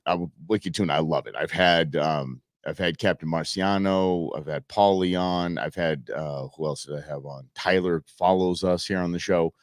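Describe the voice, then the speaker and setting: Low-voiced chatty male talk host. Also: no room sound, studio quality. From Arizona, USA. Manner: chatty, rambling, jokey with many restarts. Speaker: radio show host. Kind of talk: casual talk show monologue.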